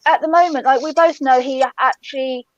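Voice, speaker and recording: A woman's voice: sits high, steady tone, fairly quick, no room sound, muffled recording. A woman talking in a casual online chat, rambling with fillers and swearing freely. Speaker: panelist.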